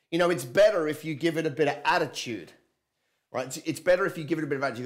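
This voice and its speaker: A man, giving an energetic livestream sermon and calling on viewers to respond. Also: a little high, fairly quick. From London and Australia. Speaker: preacher and business coach.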